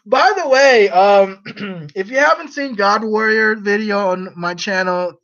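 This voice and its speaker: A man's voice: sits high, unhurried, a bit bright, highs cut off. Rambling, laughing man on a livestream. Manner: rambling and teasing, laughs often. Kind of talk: casual chat on a livestream.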